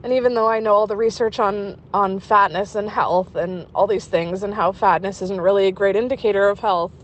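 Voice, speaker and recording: A woman calling in with a voicemail message, halting and close to tears as she speaks. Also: mid-range voice, steady tone, dull audio, slight background noise. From Canada. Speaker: caller.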